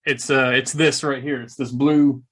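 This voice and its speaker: Bright-voiced joking man telling stories. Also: mid-range voice, moderate pace, breathy edge. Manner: animated, joking, sarcastic storyteller. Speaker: guest, combat veteran and speaker. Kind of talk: casual storytelling interview.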